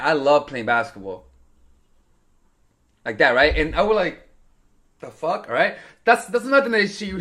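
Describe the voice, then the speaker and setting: A man's voice: sits high, pushed and bright. A young man coaching women on dating in a casual, rambling, joking way, acting out quotes. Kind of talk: casual talking-head advice video.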